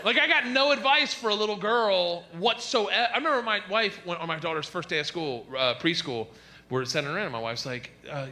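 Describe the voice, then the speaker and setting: A man doing a stand-up comedy set, telling stories in a loud, animated, profane way. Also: sits high, a little fast, a little hiss or hum. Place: comedy stage before a live audience.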